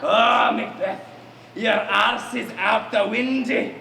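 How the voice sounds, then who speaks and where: Man doing a gruff Scottish brogue, loud Scottish warrior, shouting, gravelly, echoey live theater with audience. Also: high-pitched, fairly even intonation, slow pace, full character voice. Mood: mocking. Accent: Scottish, put on. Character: blustering Scottish male warrior Macduff. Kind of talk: live comedic stage acting. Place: theater stage. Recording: roomy live stage with audience.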